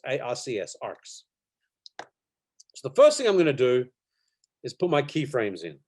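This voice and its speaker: A middle-aged man teaching animation in a live online workshop over a video call. He talks in a relaxed, chatty way, with many fillers and soft laughs. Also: mid-range voice. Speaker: animation instructor.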